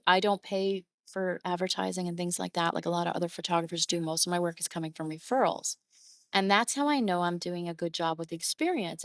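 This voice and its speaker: A woman's voice: on the low side, no echo. A woman photographer guest on an interview podcast, telling stories conversationally and animating her clients' words. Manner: warm, emotive, animated when quoting clients.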